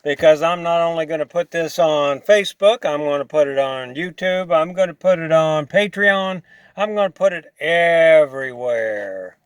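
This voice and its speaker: A man's voice: normal speed, smooth, no echo. Chatty folksy man, dry close sound. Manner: folksy and chatty, imitates squeaks in a high soft voice. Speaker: vlogger describing his truck trouble. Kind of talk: casual talk to camera.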